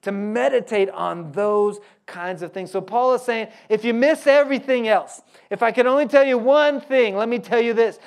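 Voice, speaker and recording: A man's voice: very high voice, normal speed, gravelly, few pauses, smooth. A man with an Oklahoma accent preaching a sermon in a folksy way, with joking asides and key lines repeated for emphasis. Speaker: pastor.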